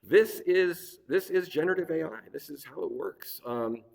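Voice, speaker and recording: A middle-aged man giving a relaxed, digressive workshop talk with frequent fillers and restarts. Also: fairly high pitch, normal speed, gravelly. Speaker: workshop presenter. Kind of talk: conversational lecture. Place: lecture hall. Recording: reverberant hall.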